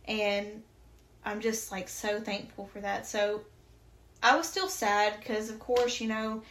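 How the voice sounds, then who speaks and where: A woman's voice: mid-range voice, fairly even intonation, takes it slowly, a bit bright, reverberant, a little hiss or hum. A woman, a podcast guest, candidly telling a personal story in a chatty, emotional, faith-filled way with lots of fillers.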